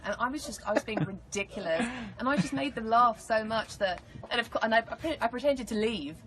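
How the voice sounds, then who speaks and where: A woman's voice: fairly high pitch, brisk. Bubbly English woman on a noisy live stream. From England. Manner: bubbly, animated storytelling. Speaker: actress answering fan questions. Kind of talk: casual live Q&A.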